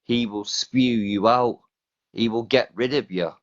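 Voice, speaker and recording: A man's voice: mid-range voice, measured pace. A British man hosting a live stream, chatting casually and hesitantly, often restarting his sentences. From Britain. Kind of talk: casual chat. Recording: dull lo-fi live stream audio.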